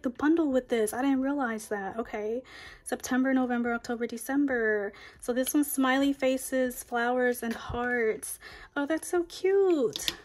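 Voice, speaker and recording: A woman's voice: on the high side, a little mellow. A young woman, chatting casually while counting cash for her budget. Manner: counting bills aloud, chatty and upbeat. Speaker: budgeting vlogger. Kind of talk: casual cash-stuffing chat.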